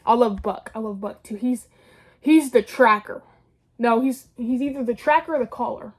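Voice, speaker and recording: Lively young woman telling a story. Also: on the high side, normal speed. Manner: animated, slangy, says dude and swears. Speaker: vlogger. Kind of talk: casual storytelling.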